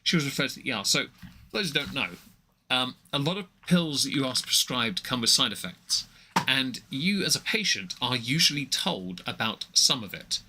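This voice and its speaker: A man's voice: medium pitch, animated, normal speed, sharp tone, a little hiss or hum. A young man giving rambling, mocking commentary on a livestream, with many fillers and restarts.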